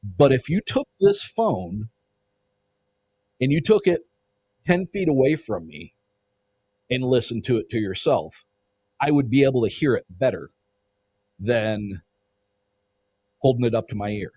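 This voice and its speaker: A man's voice: medium pitch, big pitch swings, unhurried, pauses often, darkish tone, breathy edge, no room sound. A man telling a story in casual conversation as a podcast guest, vivid and swearing freely, acting out what people said.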